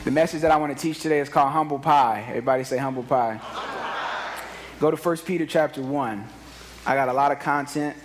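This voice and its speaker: A man in his thirties, a pastor, preaching an animated sermon with repetition and call-and-response to the congregation. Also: sits high. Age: 30s. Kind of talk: energetic sermon.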